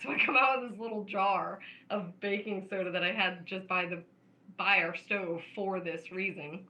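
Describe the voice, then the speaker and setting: A woman's voice: mid-range voice, steady tone, normal speed, dull audio. A woman co-hosting a podcast, chatting casually and laughing often as she tells family stories. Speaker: podcast co-host. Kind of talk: casual chat.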